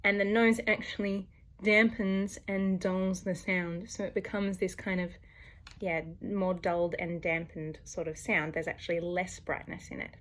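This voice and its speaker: A woman's voice: fairly low pitch, fairly even intonation, measured pace, a bit bright. A woman, a voice coach explaining singing technique to camera and demonstrating sounds as she goes.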